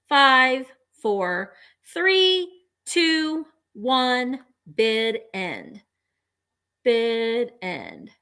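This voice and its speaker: A woman's voice: mid-range voice, pushed and bright. A woman hosting a live vintage sale who chats enthusiastically and gushes over each item as she presents it. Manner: gushing, chatty, enthusiastic about items. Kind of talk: live selling stream.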